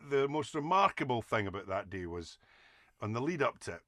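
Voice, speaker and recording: Lively Scottish man telling stories. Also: medium pitch, fairly quick, no room sound. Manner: lively storyteller with Scots slang. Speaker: podcast guest. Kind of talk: casual anecdote telling.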